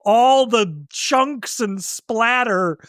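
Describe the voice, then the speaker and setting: High-voiced man chatting, laughing easily. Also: lively intonation, extremely slow, a bit bright, no echo, clean studio sound. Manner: easygoing, laughs often, hesitant restarts. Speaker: podcast co-host. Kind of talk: casual film discussion.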